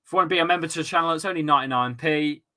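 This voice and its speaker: A man hosting a live football watchalong stream, reacting loudly to the match and chatting with his viewers in a casual, excitable way. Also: a little high, racing. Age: adult with a young son. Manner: excitable, shouts and swears at the match, chats with viewers. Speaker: livestream watchalong host.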